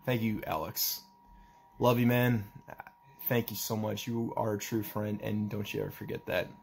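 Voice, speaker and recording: A young man talking in a personal vlog, halting and emotional as he tries not to cry, with a faint hiss behind him. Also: fairly low pitch, flat delivery, gravelly, darkish tone. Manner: halting, emotional, restarts often. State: holding back tears. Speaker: vlogger.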